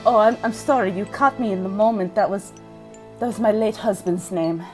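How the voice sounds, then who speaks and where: A woman's voice: mid-range voice, moderate pace, soft background music, close to an everyday voice. A woman voicing a polite, composed older widowed noblewoman in a tabletop game, speaking with formal, apologetic courtesy. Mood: politely apologetic.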